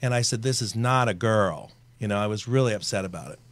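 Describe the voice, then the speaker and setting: A man's voice: fairly low pitch, fast, no room sound. Talkative man with a trained announcer voice. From Virginia, USA. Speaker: guest. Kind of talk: casual interview chat.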